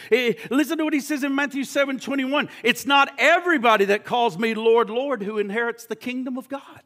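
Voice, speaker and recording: A man's voice: very high voice, fairly quick, hardly any pauses. A man preaching a sermon, emphatic and pressing, stumbling over repeated words and firing rhetorical questions at his listeners. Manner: shouts at points.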